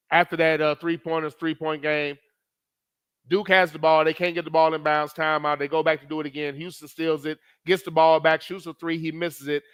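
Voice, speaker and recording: A man's voice: fairly high pitch, bright, forceful tone, clean tone, no room sound, studio quality. A man talking casually about basketball, recounting plays step by step, teasing rival fans and cursing freely. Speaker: sports commentator. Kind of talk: casual sports talk.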